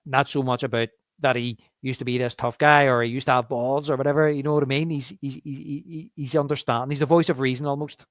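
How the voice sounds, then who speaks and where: Steady in tone and medium in pitch, this man co-hosts a movie podcast recorded dry at studio quality. His casual review chat is halting and full of restarts as he retells scenes and acts out dialogue.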